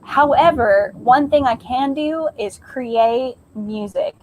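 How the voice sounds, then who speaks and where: A woman's voice: high-pitched, slow, darkish tone, low-quality recording. A young woman, a fiddler chatting upbeat as a guest on a video call. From United States. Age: young adult. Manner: upbeat, chatty, filler-heavy. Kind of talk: casual interview chat.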